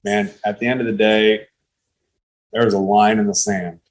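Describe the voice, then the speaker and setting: A man's voice: fairly low pitch, little pitch movement, normal speed, rough recording. A man in his late thirties, a podcast guest, telling his faith story in an earnest, plain-spoken way over a call. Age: 30s. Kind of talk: testimony in casual conversation.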